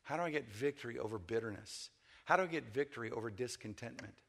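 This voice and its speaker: A man's voice: quick pace, gravelly, fairly bright tone. Man, preacher, conversational sermon, emphatic rises, frequent check-ins. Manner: repeats words and restarts, rises in pitch for emphasis.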